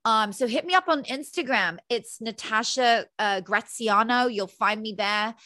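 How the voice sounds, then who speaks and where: A woman mindset coach speaking as an interview guest, energetic and motivational. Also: fairly high pitch, unhurried, dry recording.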